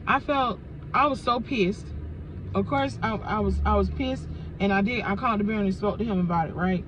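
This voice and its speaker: A woman's voice: medium pitch, moderate pace. A woman ranting animatedly to camera in a casual storytime vlog, swearing freely as she talks. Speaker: vlogger. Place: indoors, filming herself. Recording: slightly dull lo-fi audio with clear background noise.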